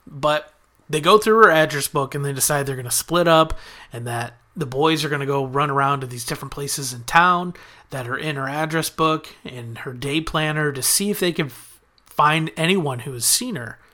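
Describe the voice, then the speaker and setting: A man's voice: on the high side, normal speed, bright, forceful tone. A man casually recapping a TV episode as a podcast host, chatting through the plot and quoting the characters in his own voice.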